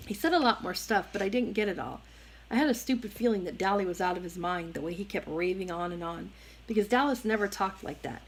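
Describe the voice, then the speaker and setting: A woman reading a novel aloud in a steady, even narration. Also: mid-range voice, fast talker, slightly rough, low-quality recording. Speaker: reader.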